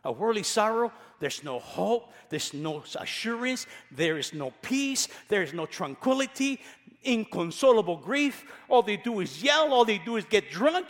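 A male pastor preaching a sermon, emphatic, repeating key phrases and swinging between loud passages and quiet ones. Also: high voice, big pitch swings, measured pace, big-room sound.

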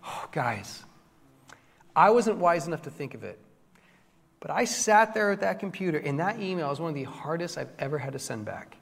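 A male pastor preaches with animated, self-mocking humor and acts out what people said. His voice sits a little high for a man. A long reverb trails each phrase through the church. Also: normal speed, vocal fry. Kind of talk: sermon with storytelling.

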